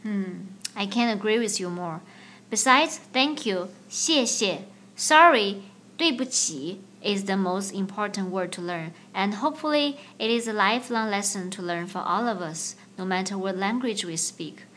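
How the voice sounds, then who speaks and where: A woman hosting a language-learning podcast, teaching in a clear, slow, playful way. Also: medium pitch, lively intonation, a bit bright, a little hiss or hum. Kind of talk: scripted language lesson.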